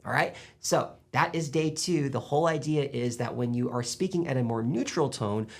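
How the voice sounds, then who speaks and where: Gravelly-voiced man coaching public speaking. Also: mid-range voice, moderate pace. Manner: coaching, animated, demonstrates loud and soft delivery. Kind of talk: instructional talk to camera.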